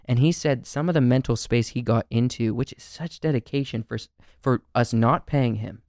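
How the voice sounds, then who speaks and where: A man's voice: medium pitch, moderate pace, vocal fry, a little mellow, dry recording, clean studio sound. A man co-hosting a podcast, talking in an earnest, rambling way and laughing often. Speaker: podcast co-host. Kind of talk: casual chat.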